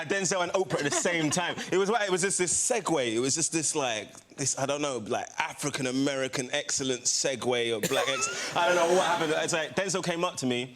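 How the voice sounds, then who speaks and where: A man guesting on a TV chat show, telling an excited story, repeating himself and laughing. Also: fairly high pitch, a little fast, heavy background noise. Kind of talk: excited anecdote on a talk show. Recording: TV studio with loud audience laughter.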